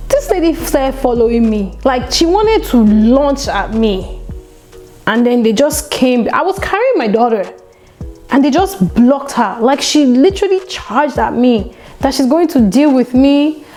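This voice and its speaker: A young woman telling a story on her vlog in a chatty, animated way, full of "like" and "you know.". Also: high-pitched, measured pace, soft background music, low-quality recording. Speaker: vlogger.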